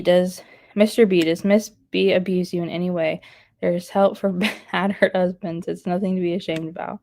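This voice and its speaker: Reading out her chat, this live streamer keeps things casual and chatty, frequently laughing at the viewer comments. She speaks with a fairly low, slightly mellow voice.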